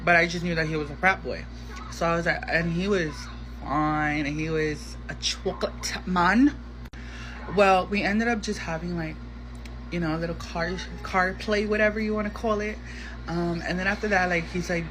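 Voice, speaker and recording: A man telling a gossipy storytime in a casual, animated way, acting out the voices of the people in it. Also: sits high, moderate pace. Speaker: storyteller in a social media clip. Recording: noisy background.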